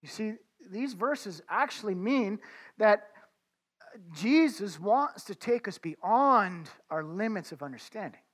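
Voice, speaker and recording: A man's voice: high-pitched, lively intonation, takes it slowly, fairly bright tone. Guy preaching, chatty and informal, calls everyone friends, stumbles over words a bit. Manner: informal, addresses listeners as friends, restarts words. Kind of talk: conversational sermon.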